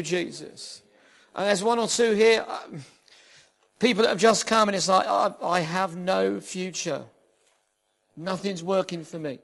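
A man preaching and praying, moving between hushed prayer and loud, impassioned declarations. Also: high-pitched, vocal fry. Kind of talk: sermon with prayer.

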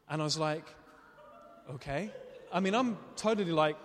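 A man preaching a sermon, telling stories in an animated way and laughing often as he speaks. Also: on the high side, moderate pace, a little hiss or hum. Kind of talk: sermon with storytelling. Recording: long reverb of a hall.

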